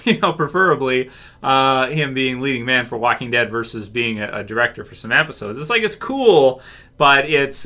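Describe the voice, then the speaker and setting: A man's voice: mid-range voice, bright, forceful tone. A Canadian man giving casual fan commentary on a TV series, rambling with lots of fillers and small laughs. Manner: rambling, many "uh" and "you know", laughs often. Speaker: YouTube TV-show commentator.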